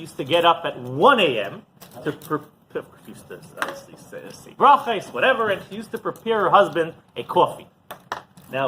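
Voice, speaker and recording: Rabbi giving a Torah class, lively storyteller with a bright voice, keeps asking the room questions. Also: male voice, on the high side, slight background noise, rough recording. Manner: animated storyteller, asks the audience rhetorical questions.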